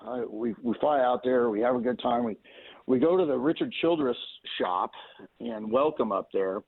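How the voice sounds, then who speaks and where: Gravelly man telling stories over a phone line. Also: mid-range voice, moderate pace. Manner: rambling, lots of "you know" and restarts. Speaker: race car owner, guest. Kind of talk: casual anecdotal storytelling.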